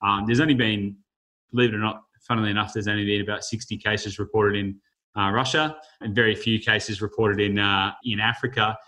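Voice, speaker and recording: A man hosting an online panel discussion has a fairly low, bright, forceful voice, delivered flatly and briskly on a low-quality recording. The panel chat is casual, and he rambles reflectively with many fillers.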